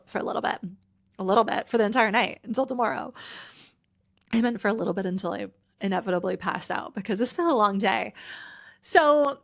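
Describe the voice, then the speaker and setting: A woman's voice: mid-range voice, creaky. A woman from Canada hosting a casual solo podcast, chatty and full of fillers, sounding tired and a little teary. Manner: chatty, lots of "like" fillers, laughing through tears. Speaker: podcast host and personal brand coach.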